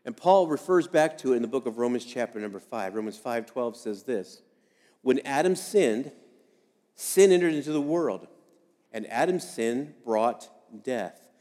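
A man's voice: medium pitch, expressive, normal speed, dark tone, big-room sound. A man giving a sermon as a pastor, speaking conversationally and repeating key phrases for emphasis.

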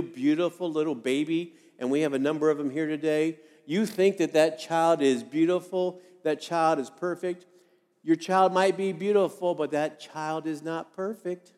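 A man's voice: a little high, steady tone, normal speed, a little mellow, long reverb tail. A man giving a sermon as a pastor, speaking conversationally and repeating key phrases for emphasis.

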